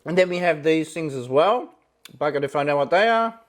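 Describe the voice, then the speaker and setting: A man with a fairly high voice reviews ration food in relaxed, casual commentary. He thinks out loud while tasting, often starting with "yeah, look" and pausing on fillers.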